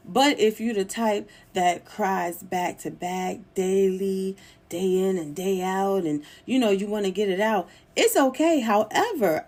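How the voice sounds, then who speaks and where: A woman's voice: mid-range voice, a little mellow. A woman hosting her own solo podcast, talking in a chatty, encouraging way and laughing easily. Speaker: podcast host.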